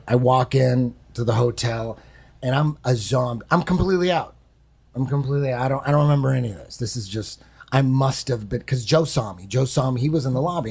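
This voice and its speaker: A man casually telling an animated, profane story on a podcast, acting out voices and sounds. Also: mid-range voice, vocal fry, slightly rough. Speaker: guest storyteller.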